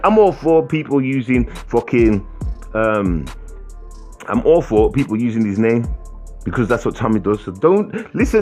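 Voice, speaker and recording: A British man delivers a ranting vlog commentary in a mid-range voice. He is profane, repetitive and confrontational. Faint music plays in the background. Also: mid-range voice. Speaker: video commentator.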